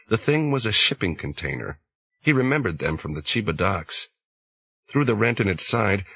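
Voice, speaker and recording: A man narrating an audiobook in a slow, measured way. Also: low-pitched, fairly bright tone, slightly rough, dry recording, poor audio. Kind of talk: scripted narration.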